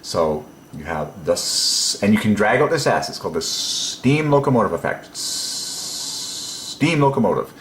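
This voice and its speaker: A low-pitched man talks through a casual, one-man preaching monologue, wandering between thoughts with frequent ums and soft chuckles to himself. His voice bounces around an echoey room. A faint hiss of noise sits underneath. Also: big pitch swings, moderate pace. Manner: rambling and musing, many ums, chuckles to himself. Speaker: religious video presenter.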